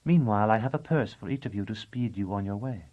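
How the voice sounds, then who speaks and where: A man reading an audiobook, voicing a cooing, gracious noblewoman who speaks softly and in a measured way. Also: on the low side, highs cut off, lightly acted.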